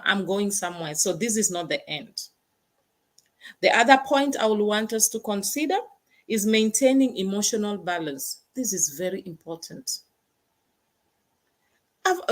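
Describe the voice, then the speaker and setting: A woman hosting a motivational talk, stressing points by repeating words. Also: medium pitch. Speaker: host.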